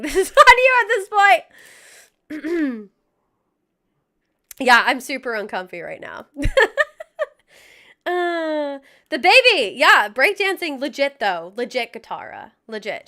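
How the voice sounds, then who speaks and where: A young woman who streams music chats casually with her livestream viewers in a slightly high, pushed, bright voice. She sounds out of breath, laughs often, and jokes at her own expense.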